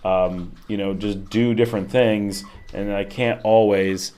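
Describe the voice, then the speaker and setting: A man's voice: lowish voice, measured pace. Rambling man hosting a casual livestream. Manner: rambling, filler-heavy, lively swings in tone. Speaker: livestream host. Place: home office. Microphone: desk microphone.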